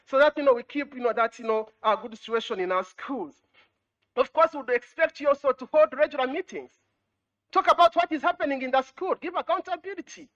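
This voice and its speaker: A woman's voice: sits high, a bit bright, lo-fi sound. A woman, an education official addressing students, repeating points, asking rhetorical questions and often saying "you know.". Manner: exhorting, repetitive, with rhetorical questions; frequent "you know" fillers.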